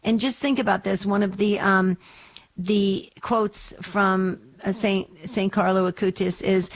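A woman hosting a religious call-in radio show, chatting and gently asking callers probing questions. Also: mid-range voice, fairly even intonation, unhurried.

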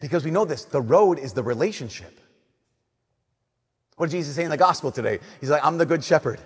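A young man preaching a sermon as a Catholic priest, talking conversationally, sometimes playful and sometimes dropping to a hushed, earnest tone. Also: a little high, lively intonation, brisk, husky. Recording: long reverb of a large church.

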